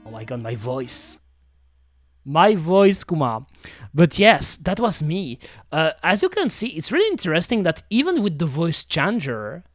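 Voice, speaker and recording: A woman streamer chats casually from her home setup, her voice low but swinging widely in pitch. Her phrasing is expressive and a little non-native, and the sound is dry and close to the mic. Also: a little slow, dry recording, soft background music. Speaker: VTuber streamer. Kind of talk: casual chat. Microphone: studio microphone.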